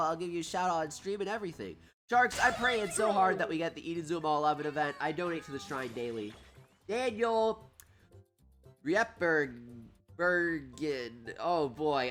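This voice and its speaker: Stuffy-nosed guy streaming games, super bouncy voice, yelling at the game, some quiet music in the back. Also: high voice. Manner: excitable, reads out chat names, yells at the game. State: stuffed-up nose. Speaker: gaming livestreamer. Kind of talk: casual livestream chat.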